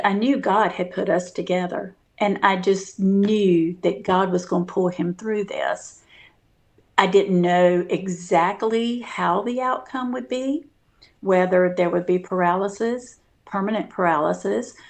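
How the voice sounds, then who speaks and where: A woman's voice: mid-range voice, a little slow. A woman guest telling a personal story in casual interview talk, earnest and full of fillers and restarts.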